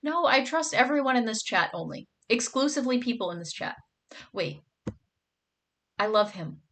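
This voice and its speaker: A woman's voice: on the high side, expressive, moderate pace, fairly bright tone. A young woman streaming, chatting casually with her viewers and reading their comments aloud, gushing and bubbly, with lots of "like" and "oh my god".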